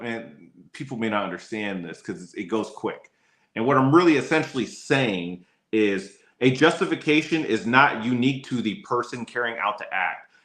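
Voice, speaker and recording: A man's voice: mid-range voice, fairly bright tone, reverberant. A man who is an attorney, giving a casual, chatty law lesson on a livestream and often addressing his co-host by name.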